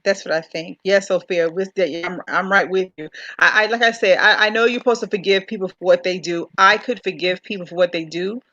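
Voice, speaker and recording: Bright-voiced woman hosting a live chat. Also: lowish voice, steady tone, brisk, hardly any pauses, no echo. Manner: emphatic, repeats words when stressing a point. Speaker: live show host. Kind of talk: casual live-stream chat. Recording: slightly dull lo-fi stream audio.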